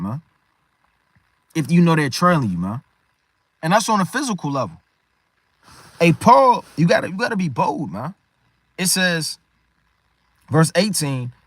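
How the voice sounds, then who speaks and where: A man's voice: on the high side, sharp tone, no echo. A man preaching a sermon in an emphatic, repetitive way, often tagging his phrases with "man".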